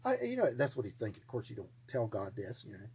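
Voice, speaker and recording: A man's voice: lowish voice, quick pace, darkish tone, husky. A man teaching a Bible study, telling the story in a folksy, humorous way and acting out the dialogue.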